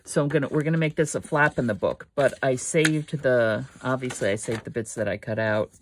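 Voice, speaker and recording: An older woman with a rumbling low voice hosts a casual craft vlog from her home studio, speaking fairly quickly over background noise. She rambles and corrects herself as she thinks aloud.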